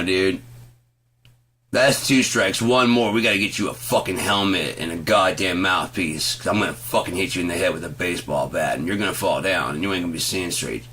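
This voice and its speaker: A man telling an angry, profane story about an argument over a bill, quoting both sides and swearing constantly, at times shouting. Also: sits low, a little hiss or hum. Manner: heavy swearing, retelling an argument with quoted back-and-forth, rising to shouts. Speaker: vlogger ranting to camera.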